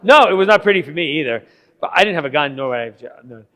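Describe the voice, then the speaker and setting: Animated priest in a reverberant hall. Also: male voice, on the high side, very fast. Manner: animated, laughing, acting out dialogue. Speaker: priest teaching a catechism class. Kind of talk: casual classroom storytelling.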